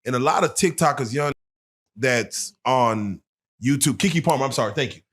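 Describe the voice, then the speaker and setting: A man hosting an interview, relaxed and agreeable, asking his guest questions. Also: medium pitch, moderate pace, slightly rough. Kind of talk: casual interview talk.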